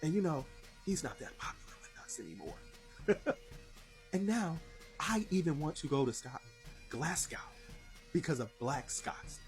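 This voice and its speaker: A man from the United States talking upbeat and excited in a casual video monologue. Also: a little high, a little slow, long pauses, faint music behind.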